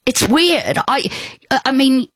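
An older woman, telling a personal story to an interviewer in an unhurried, reflective, candid way. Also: high-pitched, lively intonation, no echo. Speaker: guest.

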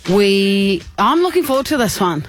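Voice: mid-range voice, very animated, moderate pace, faint music behind. Eager radio co-host. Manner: eager, asks the caller questions. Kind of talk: casual radio banter.

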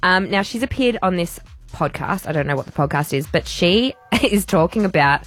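A woman's voice: fairly low pitch, animated, moderate pace, faint music behind. A woman hosting a radio show, chatting and gossiping in a casual way. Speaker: radio host.

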